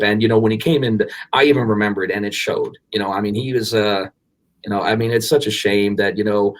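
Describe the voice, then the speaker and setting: Podcast co-host in his forties, lowish voice, animated storyteller who restarts sentences and swears casually. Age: 40s.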